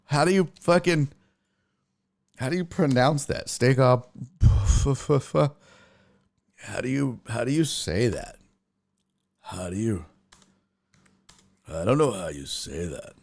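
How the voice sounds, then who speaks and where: Brief: male sports stream host, casual and profane, very animated pitch, chats with viewers. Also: slow pace, vocal fry, pauses often. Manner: rambling, profane, reads chat aloud. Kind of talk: casual live-stream chat.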